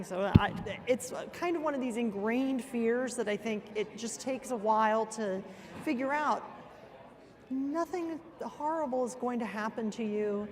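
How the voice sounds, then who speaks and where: A woman's voice: fairly high pitch, measured pace. A woman talking on a casual panel, chatty and full of fillers like "you know" as she makes her points. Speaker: panelist, auction association member.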